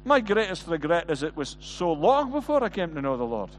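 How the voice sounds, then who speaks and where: A man's voice: on the high side, big pitch swings, brisk, in a large hall. A male pastor preaching an earnest sermon, often stumbling and restarting his words. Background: band music.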